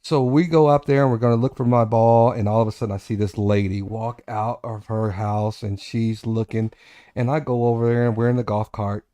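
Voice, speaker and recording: A man in his forties hosts a relaxed chat show and spins a meandering personal story, stopping to restart and correct himself as he goes. His voice is mellow and dark, and the recording is close and dry, with little sound from the room. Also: mid-range voice, a little fast, dry recording. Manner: rambling, self-correcting anecdotes with animated asides. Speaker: podcast host.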